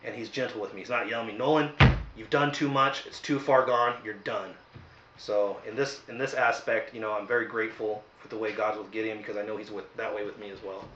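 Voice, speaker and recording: A man's voice: fairly low pitch, level tone, fast, background noise. A young man hosting a casual Bible study, reading a chapter aloud and then reflecting earnestly with many fillers. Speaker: host leading a Bible study. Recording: roomy, dull lo-fi sound.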